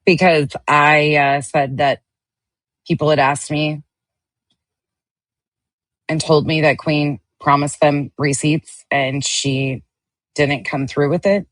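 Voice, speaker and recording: A woman's voice: low-pitched, level tone, slow pace, long pauses, no echo. A woman, the channel's owner, reacting to clips of other streamers with sarcastic, defensive asides. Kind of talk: reaction commentary.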